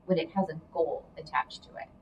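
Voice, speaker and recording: A woman talks through career advice in a chatty, explanatory way, now and then adding a hedging aside. Her voice sits a bit low. She sounds a little distant from the mic, with faint noise behind her. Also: steady tone, fairly quick. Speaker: career coach guest. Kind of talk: casual advice chat.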